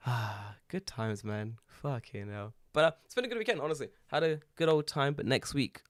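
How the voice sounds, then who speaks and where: A man's voice: medium pitch, moderate pace, dry recording, clean studio sound. A man from England, co-hosting a podcast and telling stories in casual chat, swearing freely and laughing often. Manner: profane, animated storytelling with frequent laughter. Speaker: podcast co-host.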